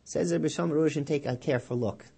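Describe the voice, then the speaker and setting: A man, a rabbi, giving a weekly Torah sermon, telling a story with lively quoted voices and then dropping low and quiet to draw the lesson. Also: quick pace, vocal fry, breathy edge. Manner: animated storyteller, loud and high when quoting.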